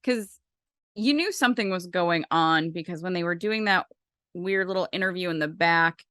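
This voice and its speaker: Low-voiced woman chatting about wrestling. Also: normal speed, a bit bright, clean tone, no room sound, clean studio sound. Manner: rambling, filler-heavy, swears casually. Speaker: podcast co-host. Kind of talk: casual wrestling chat.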